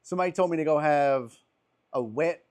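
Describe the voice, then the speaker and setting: A comedian hosting a laid-back chat show, spinning loose, profane stories. His voice sits somewhat high for a man. He circles back and restarts as he talks. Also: brisk, darkish tone. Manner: profane, rambling storyteller. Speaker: podcast host and stand-up comedian. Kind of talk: casual chat. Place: outdoor patio.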